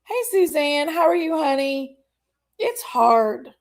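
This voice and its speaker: A woman's voice: high voice, animated, takes it slowly. A woman, hosting a casual livestream, greeting viewers by name and talking openly about personal struggles. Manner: chatty, greets viewers by name, says honey and y'all. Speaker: livestream host. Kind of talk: casual chat with live viewers.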